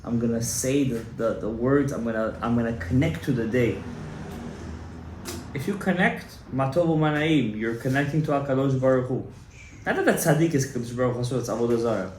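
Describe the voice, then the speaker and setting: Fervent rabbi. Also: male voice, mid-range voice, brisk. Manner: emphatic, exhorting, rising to loud fervent urging. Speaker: rabbi giving a Torah class. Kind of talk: animated Torah lecture to a live audience. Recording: echoey room, faint room noise.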